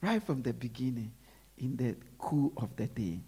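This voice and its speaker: A preacher delivering a sermon who repeats phrases and drops to low murmurs between emphatic lines. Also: expressive, normal speed, dark tone, husky.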